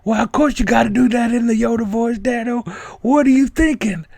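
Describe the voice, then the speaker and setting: Squeaky creepy old alien sage, shrill and mocking, dry close sound. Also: male voice, steady tone, fairly quick, gravelly, no room sound, exaggerated voice. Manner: shrill, teasing, shouty.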